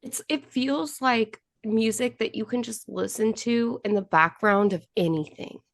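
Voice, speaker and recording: A woman with a Texan accent chatting as a podcast guest, animated and gossipy, quick to laugh. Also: a little high, creaky, no room sound, studio quality. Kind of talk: casual chat.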